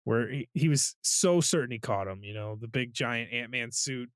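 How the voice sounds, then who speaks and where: A man co-hosts a podcast in casual chat, laughing often as he retells scenes from movies. He speaks in a mid-range voice at a moderate pace. The sound is clean studio audio with no room sound.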